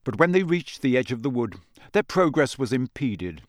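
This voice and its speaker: An audiobook is read aloud from a script by a medium-pitched male voice, measured and expressive as he tells the story. There's no echo, just clean studio sound.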